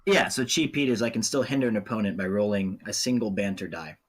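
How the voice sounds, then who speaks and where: A man's voice: lowish voice, fast, crowd noise. A man playing a tabletop game, chatting casually and joking with the game master. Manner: joking, playful. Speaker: player.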